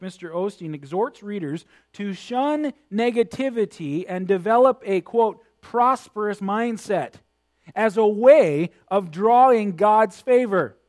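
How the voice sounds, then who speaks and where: Male preacher, high-pitched, critical sermon delivery that builds in emphasis. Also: a little mellow.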